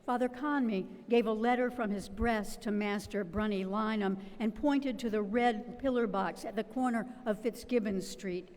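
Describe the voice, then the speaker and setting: A woman reading a novel aloud at a public literary event, with a measured, expressive delivery. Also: medium pitch. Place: event hall. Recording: long hall reverb.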